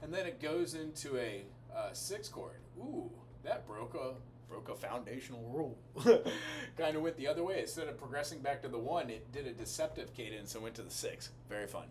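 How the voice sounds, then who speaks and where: A man's voice: medium pitch, lively intonation, fairly quick, few pauses, slight background noise. A man giving a casual music lesson, explaining chords and melody as he thinks aloud. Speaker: music teacher. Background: piano music.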